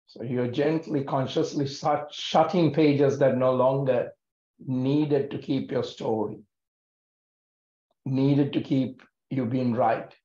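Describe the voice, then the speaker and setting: A yoga teacher with a medium-pitched voice guides a breathing practice, gentle, calm, and soothing, with many pauses. The recording has a dull lo-fi sound in an echoey room.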